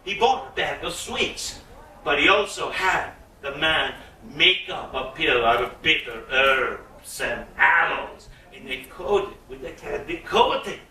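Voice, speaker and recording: Playful, bright-voiced male storyteller. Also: a little high, slight background noise. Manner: playful, bawdy, drawn-out comic delivery. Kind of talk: live storytelling performance. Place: live concert venue. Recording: roomy echo, mic at a distance.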